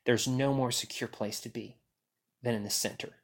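A man preaching a sermon, acting out quoted voices and dropping to a hush at key lines. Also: mid-range voice, normal speed. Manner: animated, acts out quotes and swings from loud to hushed. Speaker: pastor.

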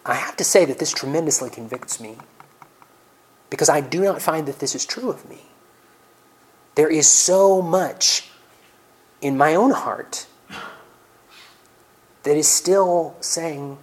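An earnest man preaches a sermon. He reads scripture in a raised, ringing voice. He then drops to soft, almost whispered reflection, with wide swings in loudness. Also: on the high side, takes it slowly, long pauses, poor audio.

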